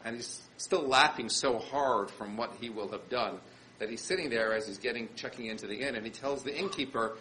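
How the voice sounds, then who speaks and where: Brief: male rabbi, lively storytelling sermon, bright tone, faint background noise. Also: mid-range voice, brisk, poor audio. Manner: animated storyteller, acts out quotes.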